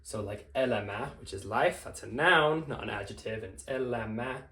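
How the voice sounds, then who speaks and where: A man teaching a language lesson in a relaxed, explanatory way, often pausing with fillers and correcting himself. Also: mid-range voice, echoey room, poor audio.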